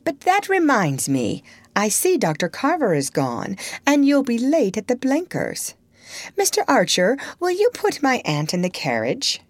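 A woman voicing a proud, agitated young countess who speaks in a shrill, commanding way in an audiobook. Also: huge pitch swings, measured pace, no echo, full character voice. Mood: brisk. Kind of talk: audiobook character reading.

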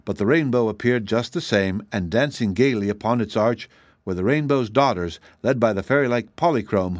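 A man giving measured, gentle scripted storybook narration as an audiobook reader. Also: fairly low pitch, no echo.

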